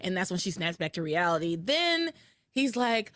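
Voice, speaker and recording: A woman hosting a podcast, recapping episodes in casual chat with animated storytelling and frequent laughter. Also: mid-range voice, normal speed, dry recording. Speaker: podcast host.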